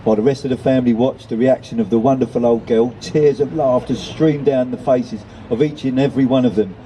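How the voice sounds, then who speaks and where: A man's voice: mid-range voice, fairly even intonation, brisk, warm tone, slight background noise, poor audio. A man reading a children's story aloud, with chatty self-deprecating asides to the listeners. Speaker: reader.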